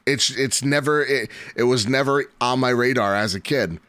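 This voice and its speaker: A man's voice: mid-range voice, normal speed, pushed and bright, dry recording. A man in his thirties co-hosting a podcast, chatting casually and rambling with plenty of "like" fillers. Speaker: podcast co-host. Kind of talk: casual chat.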